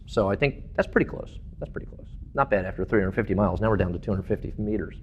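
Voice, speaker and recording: A man's voice: lowish voice, fast talker, slight background noise. A man giving a public talk about slides, telling stories enthusiastically with frequent fillers and restarts. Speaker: presenter.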